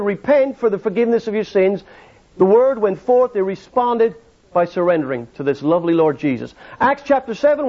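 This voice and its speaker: A man preaching an evangelistic sermon, telling stories and asking the congregation rhetorical questions. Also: extremely high pitch. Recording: dull lo-fi sermon recording.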